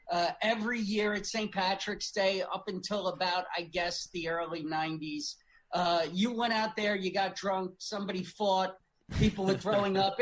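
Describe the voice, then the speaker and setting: A man's voice: high-pitched, a little hiss or hum. A middle-aged man from Brooklyn, a comedian guesting on a podcast, telling stories wryly and swearing casually. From Brooklyn, New York. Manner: wry storytelling, swears casually.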